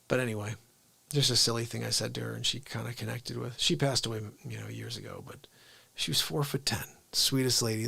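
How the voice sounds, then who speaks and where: A man hosting a live show, telling family stories casually, swinging from loud outbursts to hushed asides. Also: medium pitch, creaky, no room sound. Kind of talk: casual live-stream storytelling.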